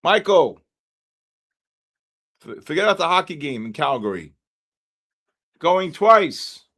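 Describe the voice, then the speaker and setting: A man's voice: on the high side, sing-song, normal speed, fairly bright tone. A man hosting a live trading stream, calling out viewer names one by one like an auctioneer. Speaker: livestream host.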